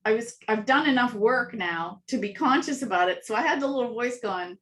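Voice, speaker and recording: A woman telling animated anecdotes as an interview guest, acting out little voices and laughing often. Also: a little high, takes it slowly, pauses often. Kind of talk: casual storytelling interview.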